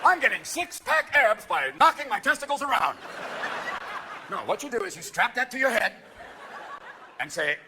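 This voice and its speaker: A man performing live stand-up comedy, manic and shouting, jumping between quick impressions. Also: extremely high pitch, big pitch swings, crowd noise. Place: theater stage. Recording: live theater with a laughing audience and noise.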